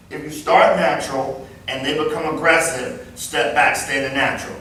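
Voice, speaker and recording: Man in his fifties, safety trainer, joking and lively, slightly high voice, very echoey room, far from the mic. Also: moderate pace, a little hiss or hum. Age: 50s. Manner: animated, joking, demonstrating moves. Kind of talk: live training class.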